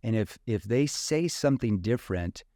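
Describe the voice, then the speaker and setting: Man, low voice, dry sound, sales trainer, casual interview, frequent "right?" check-ins. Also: expressive, moderate pace, mellow, no room sound. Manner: explains with hedges like "you know" and "right?".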